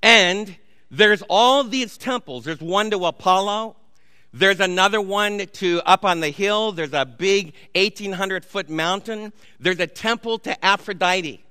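A man's voice: sits high, measured pace, pushed and bright, clear, resonant tone, no room sound, long reverb tail. A man, a pastor preaching a sermon in a church, telling stories conversationally with asides to the congregation. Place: church sanctuary.

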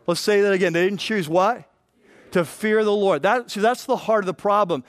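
Guy preaching, pretty high voice, dry close sound, acts out the verses. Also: moderate pace, no room sound. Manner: animated preaching, quotes scripture in lively voices. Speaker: pastor. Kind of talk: sermon.

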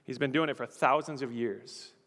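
A man's voice: mid-range voice, normal speed, fairly bright tone, in a large hall. A male pastor preaching a sermon in an emphatic, repetitive style. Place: church.

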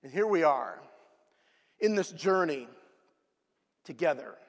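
A man preaching a sermon, swinging between loud outbursts and hushed, quiet asides. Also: on the high side, expressive, takes it slowly, creaky. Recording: long hall reverb.

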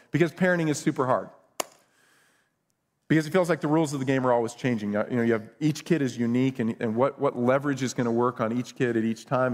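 A man's voice: mid-range voice, in a large hall. A middle-aged male pastor preaching a conversational sermon with self-deprecating humor.

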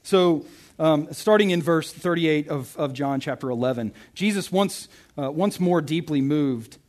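Casting note: young male preacher, slightly higher voice, chatty and self-interrupting, reads scripture casually. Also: unhurried, darkish tone. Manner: chatty, self-interrupting, often asks "right?". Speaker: pastor. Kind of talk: casual sermon with Bible reading.

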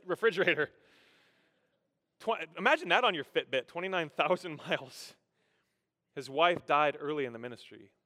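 A man preaching a sermon as pastor, telling a story with playful asides and hushed, solemn drops. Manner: animated, self-deprecating humor, drops low and quiet for solemn moments. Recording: long hall reverb.

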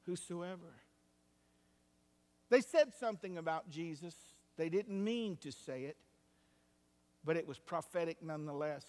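A male pastor preaching a sermon, moving between hushed, quiet passages and loud, rising climaxes. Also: on the high side. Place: church sanctuary. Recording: long hall reverb.

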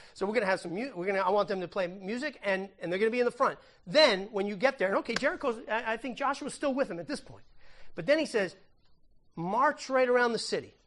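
High-voiced man giving a lively sermon. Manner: conversational and animated, retells the story with humor and asides. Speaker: pastor. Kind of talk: sermon teaching. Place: church.

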